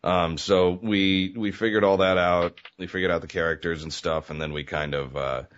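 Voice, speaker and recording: A man with a very deep voice talks as a guest in a relaxed interview chat. He rambles, full of "um" and "you know", and laughs easily. The sound is muffled and lo-fi. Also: normal speed. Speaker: guest, web comedy creator.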